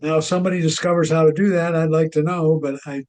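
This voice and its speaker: A man teaching a casual technology class, answering questions in a relaxed way and telling a folksy joke with frequent chuckles. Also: fairly high pitch, quick pace. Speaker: class instructor.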